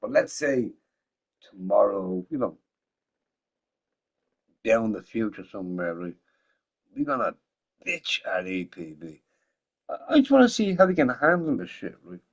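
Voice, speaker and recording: A drunk man streaming games, rambling loosely, swearing often and repeating himself as he swings between loud outbursts and mumbling. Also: fairly low pitch, sing-song, a little slow, vocal fry, long pauses, husky. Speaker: gaming streamer. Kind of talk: rambling casual livestream chat.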